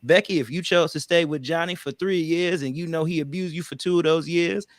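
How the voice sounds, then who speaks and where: A man's voice: a little high, fairly quick, no echo, studio quality. A man co-hosting a casual relationship panel discussion, emphatic and preachy, with loose vernacular speech. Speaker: podcast co-host.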